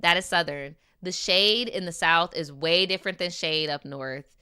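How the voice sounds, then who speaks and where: A woman streamer reading viewer stories aloud and reacting in a casual, slangy, animated way. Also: fairly low pitch, normal speed, smooth. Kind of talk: casual chat and story reading. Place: lives in New York.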